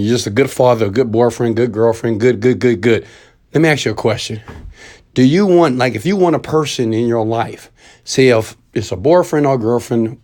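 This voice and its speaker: A motivational speaker in his thirties, with a mid-range voice, preaches to viewers in a monologue. He swings between loud urging and quiet, intimate asides.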